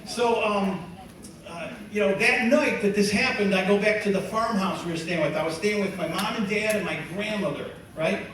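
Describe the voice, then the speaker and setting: Animated man telling a story in an echoey hall. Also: high-pitched, normal speed, a crowd in the background. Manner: animated, laughing, conversational, many fillers. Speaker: musician giving testimony. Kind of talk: storytelling testimony talk. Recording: echoey hall from far off, faint noise.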